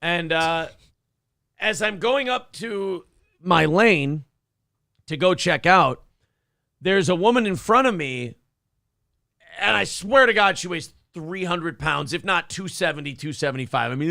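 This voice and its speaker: A man's voice: high-pitched, lively intonation, unhurried, vocal fry, a bit bright, no room sound, clean studio sound. A man hosting a morning show, telling a story as a profane, heated rant. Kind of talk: casual podcast chat.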